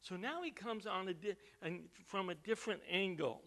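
A man preaching a sermon as pastor, stressing key words slowly and swinging from quiet to loud. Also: sits high, lively intonation. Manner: preaching with emphatic slow stresses and big swings in loudness.

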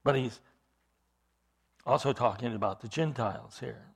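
A man's voice: mid-range voice, normal speed, gravelly, husky. A man preaching an expository sermon, reading scripture aloud and explaining it with emphatic stresses and rhetorical questions. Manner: emphatic, rising to loud stresses on key words.

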